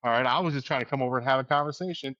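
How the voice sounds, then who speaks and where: A man's voice: mid-range voice, rapid-fire, pushed and bright, dry recording. A man co-hosting a podcast, telling long rambling stories with laughs and curses in casual chat. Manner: rambling storyteller, swears, laughs often. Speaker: podcast co-host. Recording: dull dry lo-fi sound.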